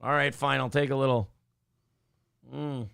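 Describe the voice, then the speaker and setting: A man's voice: medium pitch, steady tone, unhurried, gravelly, a bit bright, clean tone, no echo, studio quality. A man co-hosting a casual livestream show, joking crudely and reading viewer comments aloud. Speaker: co-host.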